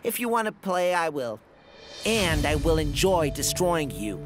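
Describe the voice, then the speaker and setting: A woman's voice: deep voice, sing-song, measured pace, over music. A woman voicing an arrogant, boastful bully in a dubbed cartoon, sneering and mocking. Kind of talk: cartoon dub.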